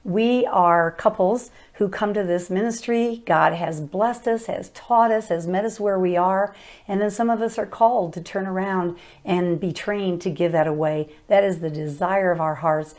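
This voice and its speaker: A woman's voice: lowish voice, moderate pace, darkish tone. Earnest older woman teaching about marriage. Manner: earnest and explanatory.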